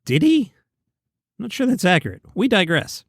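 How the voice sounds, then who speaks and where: A man's voice: high-pitched, wildly swooping pitch, moderate pace, breathy edge, dry recording, studio quality. A man with a Queens, New York accent hosting a comedy news show, delivering headlines with wry, sarcastic asides. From New York City. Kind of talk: casual comedy news monologue. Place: outdoors by a pool.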